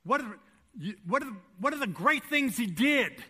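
Bright-voiced preacher, a man pitched high. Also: animated, unhurried, breathy edge. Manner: emphatic preaching, swinging between loud declarations and hushed lines; direct, asks the congregation rhetorical questions. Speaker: pastor. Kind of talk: sermon. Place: church sanctuary.

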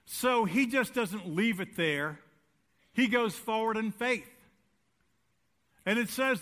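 A man preaching a sermon as pastor, swinging between loud emphatic declarations and hushed lines, and putting rhetorical questions to the congregation. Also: sits high. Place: church sanctuary.

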